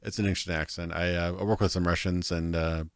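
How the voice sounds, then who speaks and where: A man's voice: deep voice, little pitch movement, fast talker, smooth, dry recording, studio quality. A man casually commenting as he streams a video game, rambling, laughing often and saying "like" a lot.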